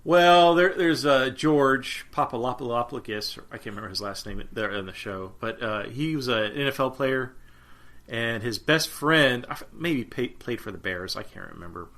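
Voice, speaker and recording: A man co-hosts a podcast in a loose, rambling chat, often restarting his sentences and laughing at himself. His voice is bright and forceful, with a slightly tense edge. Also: mid-range voice, lively intonation, moderate pace. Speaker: podcast co-host. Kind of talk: casual chat.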